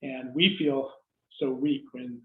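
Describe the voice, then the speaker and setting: Conversational preacher, echoey and tinny. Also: male voice, medium pitch, fairly even intonation, slow pace. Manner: conversational, self-interrupting, acts out quoted reactions. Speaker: pastor. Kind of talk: sermon. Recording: echoey room over a tinny phone-like line.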